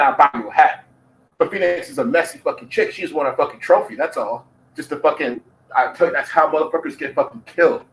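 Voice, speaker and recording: Swearing nonstop and hammering the same points again and again, a man delivers angry ranting commentary. His voice is on the high side and fairly bright, and the recording is rough.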